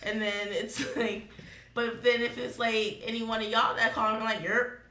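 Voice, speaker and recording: A woman's voice: on the high side, little pitch movement, moderate pace, bright, forceful tone, roomy sound. A woman in a casual group chat, telling stories and acting out quotes with laughs. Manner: storytelling with quoted voices, laughing. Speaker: podcast guest.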